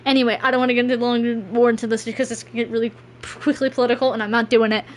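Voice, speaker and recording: Woman streamer, higher voice, rambling and self-deprecating over a game, faint room noise. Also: flat delivery, racing. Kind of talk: casual gameplay stream chat.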